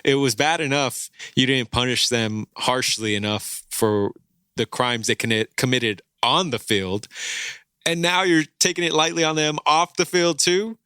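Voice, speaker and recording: A man's voice: medium pitch, measured pace, sharp tone, smooth, dry recording, studio quality. A man co-hosting a sports podcast, giving emphatic opinions in casual chat. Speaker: podcast co-host.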